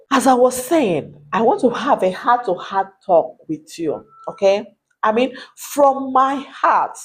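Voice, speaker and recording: A woman, a Christian marriage coach, praying fervently and then speaking emotionally to wives. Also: on the high side. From Nigeria. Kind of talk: fervent prayer and heart-to-heart encouragement.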